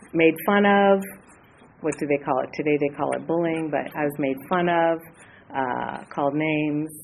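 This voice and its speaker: A woman in her late fifties, from the Los Angeles area, sharing her story at a recovery meeting, hesitant and earnest with many pauses. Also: deep voice, slight background noise, rough recording. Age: 50s. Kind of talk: personal share at a support meeting.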